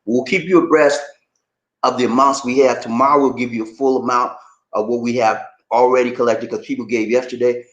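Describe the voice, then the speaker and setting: A man's voice: medium pitch, fairly even intonation, fairly quick. A middle-aged man hosting his channel, reading viewer comments aloud and quoting scripture in a preacherly way. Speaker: channel host. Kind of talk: casual livestream chat. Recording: roomy echo.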